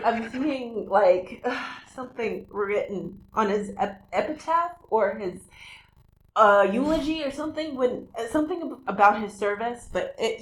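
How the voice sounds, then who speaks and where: A woman hosting a talk show, giving a live psychic medium reading in a halting, rambling way with many restarts. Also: fairly high pitch, a little hiss or hum. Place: community TV studio. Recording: roomy, echoey room sound.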